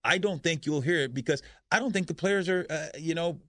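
Brief: male radio co-host, slightly higher pitch, dry studio sound. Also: brisk, fairly bright tone, no echo. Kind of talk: casual sports radio chat.

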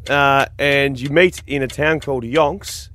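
A man's voice: mid-range voice, steady tone, a little slow, a bit bright. A man on a radio show, rambling through a laid-back explanation. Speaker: radio co-host. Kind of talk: casual radio banter. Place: radio studio.

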